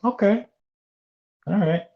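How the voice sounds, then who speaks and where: A man's voice: sits high, takes it slowly, vocal fry. Dry, mocking man on dull lo-fi audio. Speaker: podcast co-host. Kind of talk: casual wrestling review chat.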